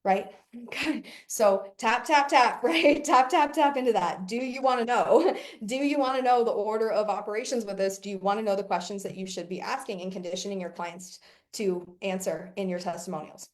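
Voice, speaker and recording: A woman's voice: mid-range voice, moderate pace. Brash, swearing woman coach, casual monologue, laughs a lot. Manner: brash, profane, laughs often. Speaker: business coach.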